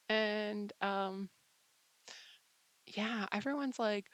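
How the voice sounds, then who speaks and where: A woman hosts a casual, rambling monologue with a playful, mock-dramatic streak. She talks at an unhurried pace with a gravelly rasp. The sound is dry and close. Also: mid-range voice, a bit bright, no room sound, poor audio. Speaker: channel host.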